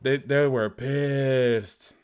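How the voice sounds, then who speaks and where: A man hosting a football podcast, chatting casually and telling an animated, profane story. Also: medium pitch, extremely slow, smooth. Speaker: podcast host and football coach. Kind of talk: casual chat.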